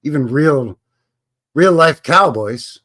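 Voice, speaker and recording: A man's voice: on the high side, animated, takes it slowly, a bit bright. A man from Alberta with a Canadian accent, hosting a live stream in a rambling, folksy way and greeting viewers by name. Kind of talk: casual live-stream chat.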